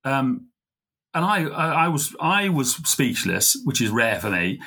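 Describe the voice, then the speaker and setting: A middle-aged man, a podcast guest, telling a heartfelt story in an earnest, halting way. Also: mid-range voice, very animated, sharp tone, slightly rough. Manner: earnest, halting, full of fillers and restarts. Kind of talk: conversational storytelling.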